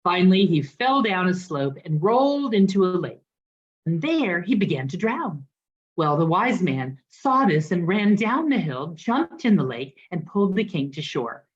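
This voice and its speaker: A woman minister telling a parable in a sermon, expressive and lively in the way she voices its characters. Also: fairly low pitch, a little slow, slightly rough, muffled recording. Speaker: guest minister. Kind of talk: sermon storytelling.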